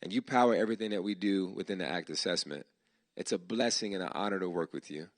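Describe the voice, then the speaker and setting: A man with a low-sitting voice talks fast as he hosts a startup demo day, thanking his team sincerely in loose, slangy terms. He's giving the speech live before an audience in an event hall, recorded without room sound.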